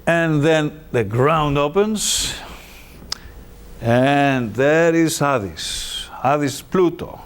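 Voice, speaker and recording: A man retelling an ancient myth in a lecture, animated and halting with fillers. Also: fairly high pitch, smooth. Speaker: presenter.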